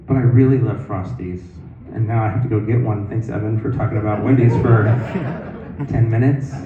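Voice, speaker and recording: On a comedy club stage, a stand-up comic in his fifties rambles through an open-mic set full of fillers and restarts. His voice is fairly low and moderately paced, with a crowd audible behind him. The recording sounds distant, roomy and tinny, like a phone.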